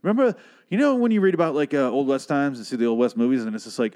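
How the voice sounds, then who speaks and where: A man's voice: mid-range voice, expressive, fast, darkish tone. Young male podcast host; profane, incredulous ranter for a sarcastic film recap.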